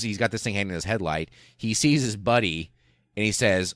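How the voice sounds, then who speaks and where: A man's voice: low-pitched, fairly quick, a bit bright, dry recording, studio quality. A man hosting a podcast, telling a history story in a casual, rambling, profane way with fillers and laughs. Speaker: podcast host.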